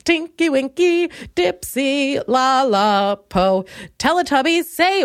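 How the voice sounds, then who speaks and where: A woman's voice: sing-song, measured pace, no echo, clean studio sound. A woman in her twenties from Minnesota, hosting a comedy podcast and rambling in a self-deprecating way. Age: 20s. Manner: rambling and self-deprecating, swings from low mumbles to loud bursts. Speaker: podcast host. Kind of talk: comedic solo podcast monologue.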